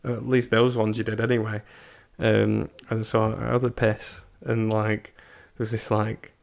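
A man's voice: fairly low pitch, monotone, a little slow, creaky. A young man hosting a podcast, telling stories in a chatty way with laughs and stammered restarts. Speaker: podcast host. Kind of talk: casual chat.

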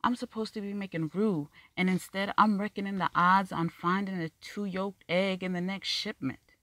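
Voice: medium pitch, steady tone, moderate pace, bright, forceful tone, no room sound, voice pushed up, close to an everyday voice. A reader voicing an anxious, rambling Black man. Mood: earnest. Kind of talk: audiobook dialogue reading.

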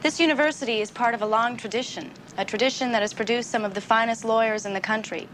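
A woman's voice: fairly high pitch, fast, a bit bright, a little hiss or hum, lightly acted. An actress playing a poised young law student in her twenties, formal and probing as she questions a witness. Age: 20s. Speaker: law student taking a deposition.

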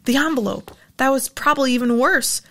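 A woman's voice: high-pitched, a little fast. Woman reading a novel aloud. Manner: steady storytelling narration. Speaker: audiobook reader.

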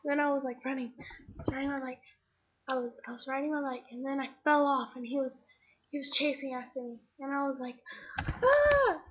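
A woman's voice: high-pitched, level tone, quick pace. A woman telling a rambling, dramatic story to her webcam at home, using lots of "like" fillers. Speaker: vlogger. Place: indoors at home. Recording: slightly muffled webcam audio.

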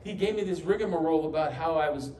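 A New York pastor with a slightly high, darkish voice preaches at a quick pace, telling stories laced with humor and performing the voices he quotes. The sermon echoes through the church hall, heard from a distant mic with faint ambience and a bit of hiss or hum.

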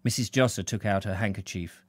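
A man narrating a novel aloud in a live reading, expressive, correcting his slips as he goes. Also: lowish voice, fairly quick, no echo.

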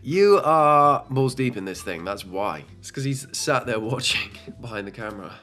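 A man doing comedic reaction commentary, sarcastic and jokey, swinging between loud outbursts and muttered asides. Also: medium pitch, animated, normal speed, faint music behind.

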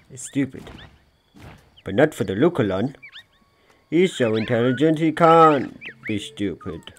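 A man giving rambling, jokey let's-play commentary, chatting to the creatures in his game. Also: mid-range voice. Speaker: gaming video creator.

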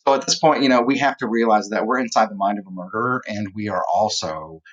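A man's voice: fairly low pitch, quick pace, a bit bright, dull audio. A man teaching a literature lesson in a casual, rambling way, with lots of fillers as he retells a story. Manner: rambling, conversational, many fillers.

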